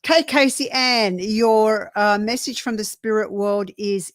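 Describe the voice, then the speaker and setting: A woman co-hosting a live stream and giving tarot readings, gentle and soothing in manner. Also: medium pitch, no echo, studio quality. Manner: gentle and soothing, drawn-out when reading cards. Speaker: tarot reader and co-host.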